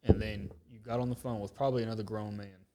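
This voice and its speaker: Here a podcast co-host with a voice on the low side talks fast over a very noisy recording. His storytelling is casual and full of profanity, and he animatedly plays out every quoted line.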